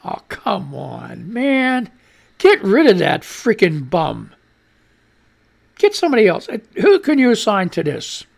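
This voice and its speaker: Angry ranting man, lively swooping pitch. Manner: profane, angry, reads headlines aloud then rants; voice climbs higher when worked up. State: coughing, clearing throat. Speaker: radio show host. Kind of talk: ranting news commentary.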